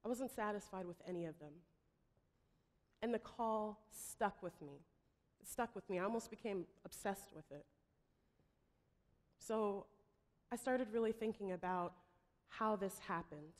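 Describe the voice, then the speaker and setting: A woman giving a pitch talk, telling a story dramatically and acting out the voices she quotes. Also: measured pace, long pauses, a little mellow. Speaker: startup founder pitching. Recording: long hall reverb.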